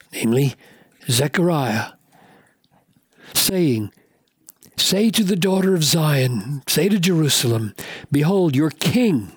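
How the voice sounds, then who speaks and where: A man preaching a sermon in an earnest, emphatic way, slowing down to stress key words and repeating questions for effect. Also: on the high side, husky, no room sound.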